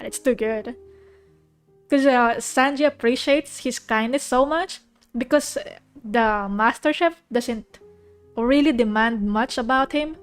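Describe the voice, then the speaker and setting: A woman's voice: fairly high pitch, clear, resonant tone. A young woman vtuber chatting casually about an anime she is watching, rambling and emotional with frequent restarts. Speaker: vtuber streamer. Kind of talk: casual chat reacting to an anime. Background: soft piano music.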